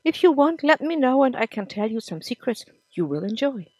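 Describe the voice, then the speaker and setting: A woman's voice: sits high, sing-song, brisk, a little mellow, husky, no room sound, voice pushed up, exaggerated voice. A woman reading the lines of a spiteful, cruel woman who taunts and sneers, in a dry close recording. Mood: sneering.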